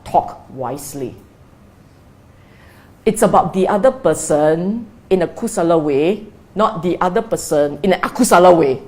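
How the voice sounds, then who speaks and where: A woman's voice: lowish voice, a little mellow. A woman teaching as a Buddhist meditation teacher in a dharma talk, repeating key phrases and asking rhetorical questions.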